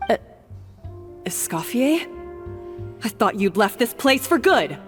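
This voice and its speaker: An actress playing a hot-tempered young female head chef, defensive and sharp-tongued, in game audio with reverb. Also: fairly high pitch, very animated, slow, soft background music. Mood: defiant.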